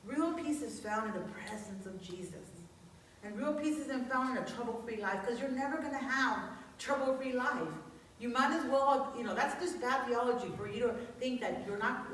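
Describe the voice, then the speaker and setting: A woman's voice: sits high, normal speed, fairly bright tone, far from the mic, slight background noise. A woman preacher giving a chatty, earnest sermon, full of fillers and restarts. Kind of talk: conversational sermon. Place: church. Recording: echoey church hall from afar.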